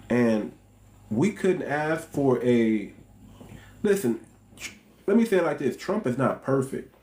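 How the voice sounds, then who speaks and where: Emphatic man with a dark voice. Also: mid-range voice, big pitch swings, unhurried, pauses often, slightly rough, low-quality recording. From United States. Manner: emphatic, repeats phrases, talks straight to chat. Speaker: livestream commentator. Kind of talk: livestream political commentary. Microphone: small cheap wireless clip mic.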